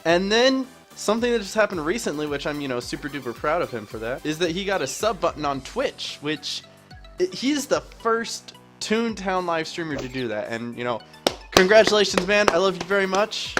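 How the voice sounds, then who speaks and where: A man's voice: high-pitched, animated, moderate pace. A young man chatting casually over his gameplay as a YouTuber, rambling and joking at his own expense. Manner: rambling, self-mocking, chatty. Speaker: gaming YouTuber. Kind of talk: casual let's-play commentary. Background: soft background music.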